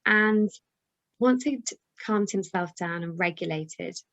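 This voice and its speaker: A British woman talks parents through her advice in a chatty, encouraging way, speaking directly to her viewers. Her voice sits at an everyday middle pitch. The recording is slightly dull and lo-fi. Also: slow pace, a bit bright. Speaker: parenting coach. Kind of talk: direct-to-camera parenting talk.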